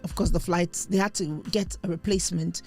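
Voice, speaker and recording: A woman's voice: on the low side, steady tone, fairly quick, a little mellow, soft background music. A woman co-hosting a podcast, telling news stories in a rambling casual chat with many restarts. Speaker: podcast co-host.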